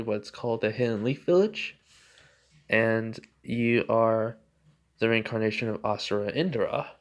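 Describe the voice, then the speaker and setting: A young man reading the lines of a calm, teasing ancient goddess woman in a fan story. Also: medium pitch.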